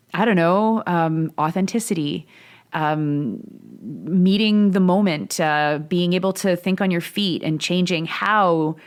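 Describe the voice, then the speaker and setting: A woman co-hosting a podcast, talking in a thoughtful, musing way with long reflective sentences. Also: on the low side. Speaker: podcast co-host. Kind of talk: casual conversational podcast chat.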